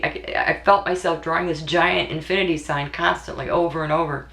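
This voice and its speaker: A mother telling a deeply personal story in an earnest, emotional way, often repeating her words. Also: fairly even intonation, normal speed, fairly bright tone. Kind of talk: personal spoken recollection. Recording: echoey room recording.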